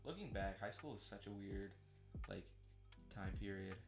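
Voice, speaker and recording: A man's voice: fairly low pitch, normal speed, music in the background. A young man co-hosting a podcast, chatting casually and acting out what people said. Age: young adult. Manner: animated storytelling, acts out quotes. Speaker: podcast co-host. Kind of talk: casual chat.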